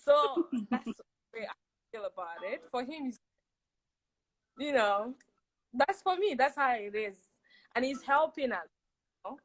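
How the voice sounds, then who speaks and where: Higher-voiced woman on a video call, chatty and animated, keeps repeating her points. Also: measured pace, long pauses, low-quality recording. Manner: animated, laughing, emphatic repetition. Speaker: guest. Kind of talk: casual chat on a video call.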